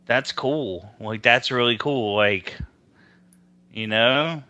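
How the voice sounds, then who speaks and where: A man co-hosting a podcast in loose, rambling chat, full of fillers and swearing. His voice is bright and forward, at a middling pitch. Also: slow, dry recording. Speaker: podcast co-host.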